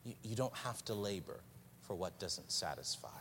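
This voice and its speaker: A man preaching a sermon as pastor, earnest and unhurried, pausing and repeating phrases for weight. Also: on the low side, lively intonation, fairly bright tone. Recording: distant voice with long hall reverb, faint noise.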